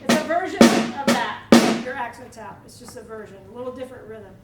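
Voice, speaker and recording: High-voiced woman teaching a drum clinic. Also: brisk, over loud music. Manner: chatty, quizzes the audience with "right?". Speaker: percussion clinician. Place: large echoey hall with audience. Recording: roomy live hall, distant mic, loud drumming.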